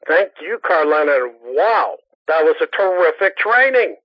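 A man's voice: fairly high pitch, big pitch swings, moderate pace, hardly any pauses, no room sound. Enthusiastic man hosting over a muffled phone line. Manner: enthusiastic, joking. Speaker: conference call host. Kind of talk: casual call hosting. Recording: muffled dry phone-call audio.

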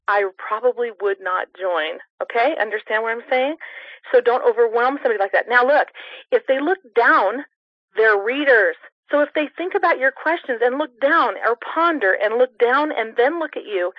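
A woman's voice: on the high side, no room sound. Upbeat woman coaching over a muffled phone line. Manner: upbeat, coaching, acts out voice tones. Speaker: sales trainer on a conference call. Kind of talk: teleconference sales training. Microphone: telephone. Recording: muffled dry phone-call audio.

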